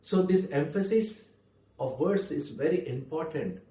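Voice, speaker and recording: A man teaching public speaking, talking in measured phrases with deliberate pauses and stressed words. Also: on the high side, lively intonation, mellow. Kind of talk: spoken lesson to camera. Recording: echoey room, voice a little far from the mic.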